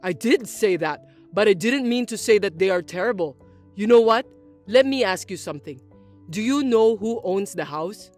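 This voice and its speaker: A patient grown son, voiced by a woman, explains things in a lowered, even tone. Faint music sits underneath the story narration. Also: moderate pace, close to an everyday voice. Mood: calm. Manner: low, patient and reasoning. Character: calm grown son and husband, young man. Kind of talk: scripted story voice-acting.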